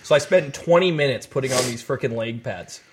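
Man, rapid-fire podcast guest, lively casual storyteller. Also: medium pitch, background noise. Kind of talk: casual chat.

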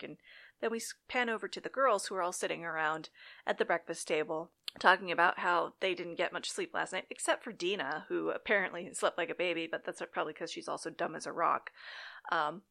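Gravelly woman recapping a TV episode. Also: on the low side, fairly bright tone. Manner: chatty, dramatic, wry. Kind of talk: casual recap narration.

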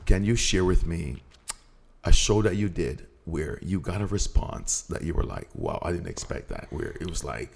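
A man's voice: low voice, very animated, moderate pace, vocal fry, breathy edge. A man hosting a podcast interview, encouraging his guest with slangy follow-up questions. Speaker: podcast host. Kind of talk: casual interview talk.

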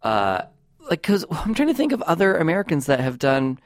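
A man hosting a comedy podcast, chatting in a rambling, animated way on a close studio mic. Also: on the high side, fairly quick. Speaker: podcast host. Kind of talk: casual comedic chat.

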